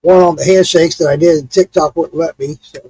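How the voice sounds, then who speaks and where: A man's voice: a little high, fairly quick, breathy edge, dry recording, rough recording. A man hosting a livestream, telling stories in a loose, casual chat and swearing freely. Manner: animated storytelling, swears freely. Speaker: livestream host.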